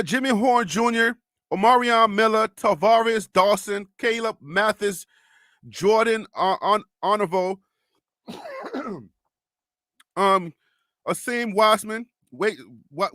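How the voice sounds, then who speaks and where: A young man with a high, bright, ringing voice hosts a casual sports live stream. He chats loosely, reads viewer comments aloud and laughs often. The recording is close and dry. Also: dry recording.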